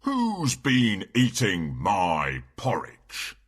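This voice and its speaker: A man voicing a big gruff father bear in a children's storybook, with a slow, booming delivery. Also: huge pitch swings, a bit bright, full character voice. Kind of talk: storybook character voice.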